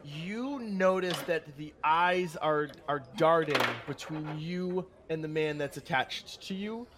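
A man running a tabletop game, his voice sitting somewhat high. He paints the scene in long descriptive runs. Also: unhurried, background noise. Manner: descriptive, with fillers and restarts. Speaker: game master.

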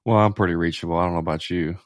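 A man's voice: deep voice, steady tone, rapid-fire, no room sound, studio quality. A man co-hosting a podcast, joking casually with his partner in a laid-back, teasing manner. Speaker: podcast co-host.

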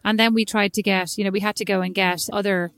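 A woman's voice: medium pitch, steady tone, quick pace, a bit bright. A woman chatting casually, telling a long story and acting out the quoted exchanges. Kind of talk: casual chat.

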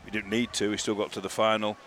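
A man's voice: fairly low pitch, flat delivery, quick pace, a bit bright, a little hiss or hum. A man co-hosting a podcast, rambling through his points and often checking whether he is understood. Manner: rambling, asks for agreement. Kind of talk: casual podcast chat.

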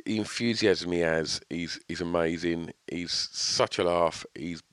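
A podcast host with a somewhat low voice, wrapping up the show in a chirpy, upbeat way. The sound is dry and close, with no room echo at all. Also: male voice, steady tone, measured pace, a bit bright, smooth. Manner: upbeat, chirpy sign-off, frequent short agreement. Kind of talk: casual interview and outro.

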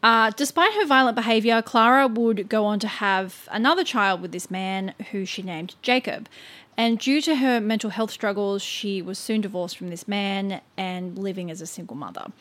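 A woman's voice: mid-range voice, fairly bright tone. Chatty woman telling a story. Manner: chatty, filler-heavy with frequent "like" and "um"; stumbles over names and asides. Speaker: podcast co-host telling the story. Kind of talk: casual storytelling chat.

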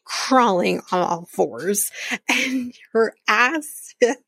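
Woman podcast host, gravelly and husky, close dry mic, sarcastic and swearing freely through a casual TV recap. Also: on the high side, expressive, drawn-out words, a bit bright, no room sound. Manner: profane, sarcastic storytelling with frequent laughs.

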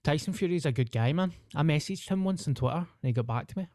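A man's voice: a little high, animated, fast, a little mellow, dry recording, studio quality. A young Scottish man, a comedian, chatting on a podcast and telling stories in broad dialect with plenty of swearing. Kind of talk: casual chat.

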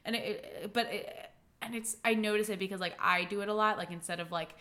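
A woman chatting casually on a podcast, fast and loose, full of "like" and quick laughs. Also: mid-range voice, fairly even intonation, pushed and bright. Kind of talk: casual chat.

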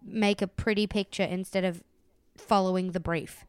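A woman's voice: medium pitch, steady tone, moderate pace, clean tone, no room sound. A woman co-hosting a casual podcast, rambling earnestly with lots of fillers. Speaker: podcast co-host. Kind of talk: casual recap chat.

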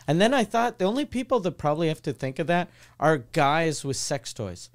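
A man hosts a podcast in loose, casual chat, circling his points with restarts. His voice sits a little high. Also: sing-song, fairly quick. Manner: rambling, restarts and laughing asides. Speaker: podcast host.

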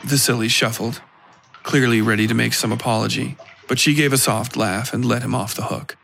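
A man reading a dark fiction story aloud in a measured narration style. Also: mid-range voice, steady tone, gravelly, slight background noise. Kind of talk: scripted horror story narration.

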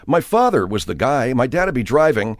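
Middle-aged man, radio comedy host, animated storyteller, very lively pitch, dry close mic. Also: fairly quick, no echo. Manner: animated storyteller, jumps into voices, restarts phrases. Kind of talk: casual interview chat. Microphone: studio microphone.

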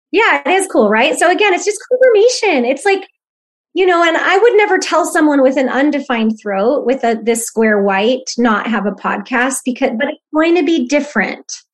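Casting: woman in her thirties, slightly high voice, earnest podcast guest explaining her practice. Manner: earnest, warm reflective explaining. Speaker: human design guide, podcast guest. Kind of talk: podcast conversation.

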